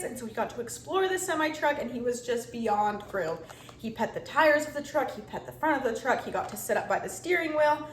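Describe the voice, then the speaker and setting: Chatty young mom, fairly high voice. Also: female voice. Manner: chatty and animated, quick bursts. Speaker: mother telling a story. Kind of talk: casual storytime vlog. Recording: echoey room, faint background hum.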